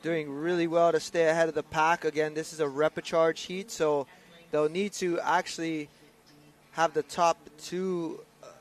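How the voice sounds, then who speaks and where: A man's voice: a little high, flat delivery, moderate pace. A man doing upbeat live commentary on a canoe race, announcing lanes and crews.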